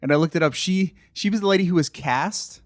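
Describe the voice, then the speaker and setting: A man's voice: high-pitched, brisk, no echo, clean studio sound. Chatty laughing male podcast host. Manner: rambling, laughs often, acts out quotes. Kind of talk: casual chat.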